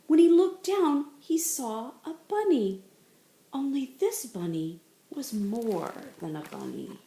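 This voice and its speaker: A woman teacher reading a picture book aloud in a slow, expressive storytelling voice. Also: fairly high pitch. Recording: roomy echo.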